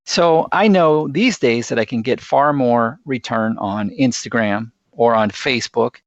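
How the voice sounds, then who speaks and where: Guy on a podcast, gravelly voice, kinda dull dry sound, earnest storyteller. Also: medium pitch, unhurried, no room sound. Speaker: guest, sales executive. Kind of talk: podcast interview.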